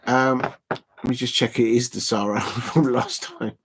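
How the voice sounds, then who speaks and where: A man's voice: medium pitch, steady tone, measured pace, breathy edge. A man hosting a casual live stream watch-along, rambling and chuckling as he chats to viewers.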